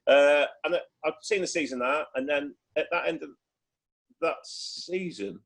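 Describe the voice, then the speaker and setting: Man, mid pitch, loose rambling storyteller on a video call. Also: slow pace. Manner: chatty, rambling with many restarts and acted quotes. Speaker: former footballer guest. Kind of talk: casual storytelling.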